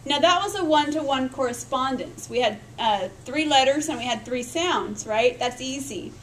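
A woman's voice: high voice, animated, normal speed, a little hiss or hum, rough recording. A woman teaching a recorded lecture on literacy, explaining step by step, sounding out speech sounds aloud and checking in with her listeners. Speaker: literacy education instructor.

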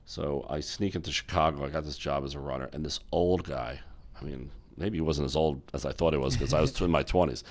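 As an interview guest, a middle-aged U.S. man who used to be an exchange executive animatedly shares stories and imitates the people he quotes. He speaks fairly quickly in an extremely low voice.

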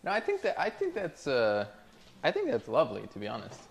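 A man's voice: medium pitch, huge pitch swings, brisk, gravelly. A man streaming, reading out chat messages and chatting casually in a laid-back, rambling way with frequent laughs.

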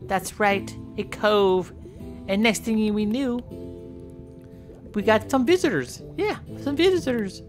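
A woman's voice: medium pitch, slow, pauses often, darkish tone, soft background music, natural voice. A woman voicing a chatty young bottlenose dolphin who tells a rambling tale in character over game footage, stammering and repeating herself. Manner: rambling, stammering storyteller full of fillers and repeats.

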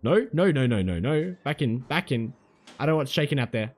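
A man narrating his way through a horror game, his pitch leaping all over as he yelps, curses and talks back at the creatures chasing him. His voice sits at an ordinary middle height between the outbursts. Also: expressive, moderate pace. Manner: jumpy, swearing, talks to the game's enemies. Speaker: gaming commentator.

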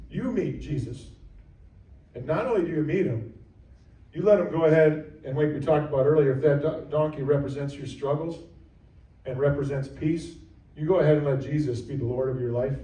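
A man's voice: a little high, dark tone, distant mic. Preaching man in an echoey church. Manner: earnest, repetitive preaching with acted-out voices. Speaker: pastor. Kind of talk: sermon. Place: church sanctuary.

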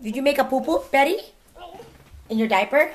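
A woman's voice: sits high, brisk. A mother filming at home, talking to her small children in a coaxing, playful baby-talk voice. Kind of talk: casual home video chat with small children. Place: at home near a child's bed.

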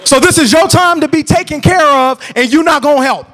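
Guy preaching at a church class, super high voice, loose and fired up, yells now and then. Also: brisk. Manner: animated, preachy, colloquial, bursts into shouts. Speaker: church marriage class teacher.

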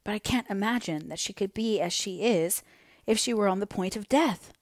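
A woman's voice: mid-range voice, moderate pace, dry recording, clean studio sound, close to an everyday voice. A woman reading the lines of an impatient, hearty young naval officer, the heroine's brother, in a story, urging and coaxing with energy. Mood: urgent.

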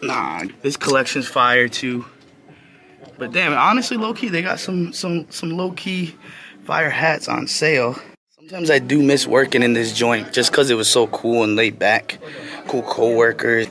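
A young man in a casual, slangy vlog, chatting excitedly while browsing a store. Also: mid-range voice, normal speed. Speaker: vlogger. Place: indoor retail store. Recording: store music behind the voice. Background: music playing in the store.

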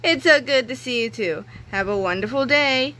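A woman's voice: on the high side, animated, normal speed, pushed and bright, a little hiss or hum. A woman doing a sugary-sweet school secretary. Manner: syrupy, overly kind.

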